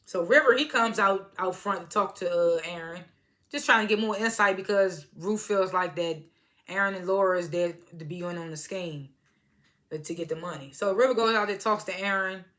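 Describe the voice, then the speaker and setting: A woman casually recapping a TV episode, in a loose slangy retelling full of "was like" and quick chuckles. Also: mid-range voice, fairly bright tone. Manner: chuckles between lines. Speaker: TV episode reviewer.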